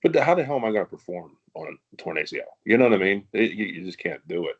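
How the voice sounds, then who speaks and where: A man's voice: lowish voice, very animated, quick pace, husky, highs cut off. A man, a former wrestler, telling stories in a casual podcast chat, laughing often and swearing freely.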